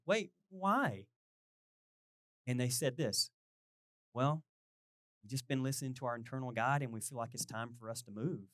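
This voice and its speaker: A middle-aged male pastor giving a chatty, animated sermon, poking fun at himself and acting out little conversations. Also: medium pitch, no echo, clean studio sound. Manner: animated, self-deprecating, quotes people in lively voices.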